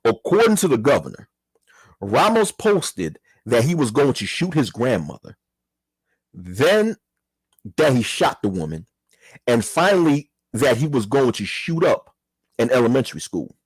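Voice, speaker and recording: A man's voice: medium pitch, big pitch swings, unhurried, slightly rough, no room sound. A man hosting his own channel, reading a news article aloud and commenting in a casual way, with an apology or a mild curse now and then.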